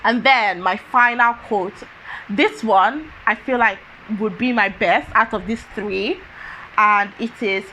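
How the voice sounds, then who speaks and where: A woman's voice: a little high, measured pace, bright, forceful tone, slight background noise, low-quality recording. A woman giving a casual book review, thinking aloud with many fillers and restarts.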